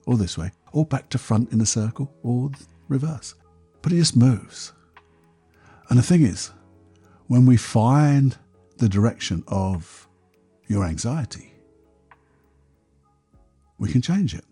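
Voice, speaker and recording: A man, a podcast host and therapist, talking a listener calmly through a guided exercise in a soft, unhurried voice. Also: medium pitch, breathy edge, faint music behind. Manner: calm, soft, unhurried guiding voice.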